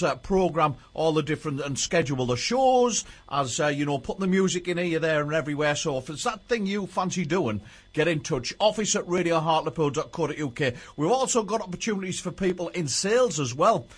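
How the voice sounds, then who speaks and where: A man's voice: fairly high pitch, lively intonation, a little fast, breathy edge. A man presenting on local radio, reading a casual station promo in a chatty way with lots of fillers.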